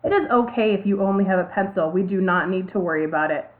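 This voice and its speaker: Woman teacher, step by step, tinny audio. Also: medium pitch. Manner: slow, step-by-step, spells out letters. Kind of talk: classroom video lesson.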